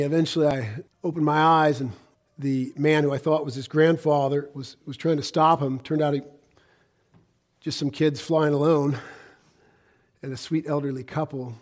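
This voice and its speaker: A middle-aged American man preaching a sermon, swinging between loud emphasis and hushed, quiet passages. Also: a little high, fairly even intonation, normal speed, pauses often. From United States. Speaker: pastor.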